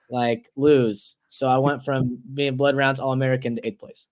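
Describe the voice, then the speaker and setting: A young man in his twenties tells a story as an interview guest. His voice sits at an ordinary middle pitch. He talks loosely, with lots of "like" and restarted words, and slips into the voices of the people he quotes. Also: fairly even intonation, moderate pace, hardly any pauses.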